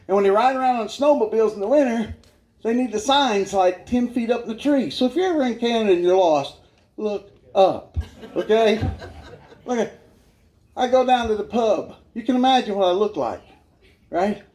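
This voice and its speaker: Lively high-voiced man telling a funny story. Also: normal speed. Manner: animated storyteller, laughing often. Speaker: guest speaker giving his testimony. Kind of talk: humorous life-story testimony.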